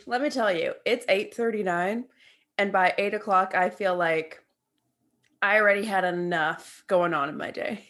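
A woman's voice: mid-range voice, a little slow. A young adult woman co-hosting a podcast, telling stories with lots of laughter and casual swearing. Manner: animated storyteller, laughs often, swears freely. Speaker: podcast co-host. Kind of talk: casual chat.

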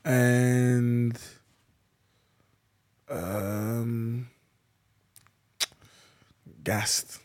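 A man's voice: mid-range voice, fairly even intonation, very slow, pauses often, a little mellow, no echo. A man, a podcast regular teasing his co-guest in casual banter. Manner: teasing, joking.

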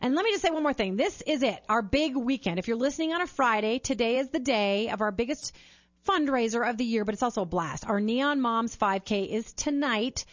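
A woman's voice: a little high, brisk, no room sound. Earnest woman podcast host, dull sound. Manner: warm-hearted, earnest, repeats words when excited. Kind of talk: upbeat interview and appeal to listeners.

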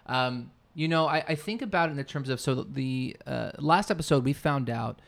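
A man's voice: medium pitch, normal speed, gravelly, fairly bright tone. A man co-hosting a podcast in casual chat, rambling and searching for his words mid-sentence. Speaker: podcast co-host.

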